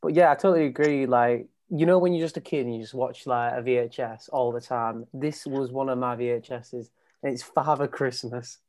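A man with a mid-range voice rambles on a podcast panel, padding his talk with fillers. He sounds relaxed and casual. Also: mid-range voice, a little fast. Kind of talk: casual group chat.

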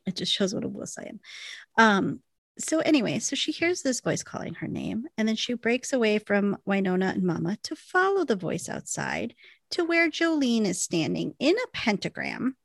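An expressive woman chatting casually as a podcast co-host, her pitch swinging widely as she retells a story. She voices bits of dialogue along the way. The sound is close and dry, with no room behind it. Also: normal speed, vocal fry, dry recording. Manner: animated storytelling, acting out characters' lines. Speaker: podcast co-host recapping a TV episode. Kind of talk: casual chat.

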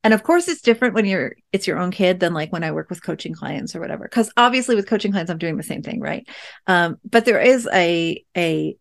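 A woman's voice: on the low side, creaky. A woman in her thirties hosting a podcast, telling a personal parenting story in a chatty, reflective way with many fillers. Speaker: podcast host and parent coach. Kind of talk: casual storytelling monologue.

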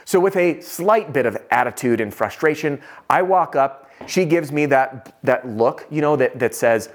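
A man teaching sales, telling a self-deprecating story in an animated, conversational way. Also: mid-range voice, normal speed, hardly any pauses. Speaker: sales trainer.

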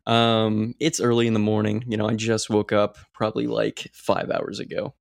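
Gravelly young man rambling casually. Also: fairly low pitch, completely flat delivery, normal speed, dry recording, studio quality. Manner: rambling, many fillers and restarts. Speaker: podcast co-host. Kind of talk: casual chat.

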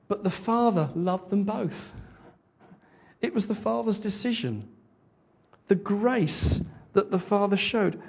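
A man's voice: a little high, darkish tone, breathy edge. A man preaching a conversational sermon and retelling a parable, often restarting his words. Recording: dull lo-fi sermon recording.

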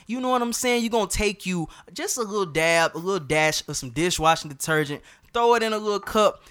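A man hosting a casual podcast, talking loud and slangy with a hyped, tired-out energy. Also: sits high, expressive, brisk, hardly any pauses, clear, resonant tone. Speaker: podcast host.

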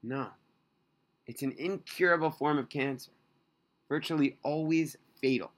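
A man reading a calm, kindly surgeon. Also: on the high side, lightly acted. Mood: reassuring. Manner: measured and reassuring.

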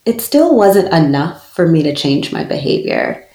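In an interview in an echoey room, a spiritual speaker in her thirties shares a personal story earnestly and reflectively, with soft laughs. Her low voice has vocal fry and huge pitch swings, and she speaks a little slowly.

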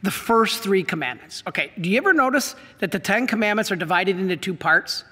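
A man's voice: sits high, animated, a little fast, bright, forceful tone, breathy edge, in a large hall. A middle-aged man preaching a sermon to a congregation, emphatic and asking them questions. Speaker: priest. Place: church.

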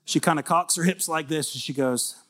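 A man in his thirties preaching a sermon in a conversational way, building to loud emphatic peaks. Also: a little high, brisk. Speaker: pastor.

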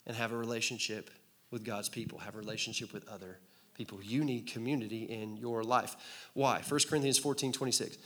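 A man preaching a sermon to a congregation in a relaxed, conversational way, cracking jokes and asking the room to answer back. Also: on the high side. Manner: conversational, joking, asks the crowd to respond. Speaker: pastor. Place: church hall with congregation.

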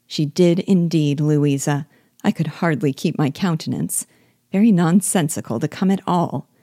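A woman reading aloud, voicing a snobbish, mocking young lady with scornful, drawn-out emphasis. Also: low voice, mellow, no echo, clean studio sound. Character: sneering snobbish young lady, Miss Bingley.

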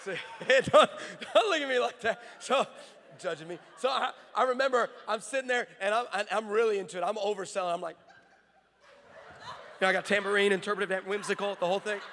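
A man preaching a sermon, telling stories in an animated, playful way that often breaks off and restarts. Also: high voice, brisk, a little hiss or hum. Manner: animated, playful storytelling with frequent self-interruptions. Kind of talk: sermon with comic storytelling. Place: large armory hall. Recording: long reverb of a large hall.

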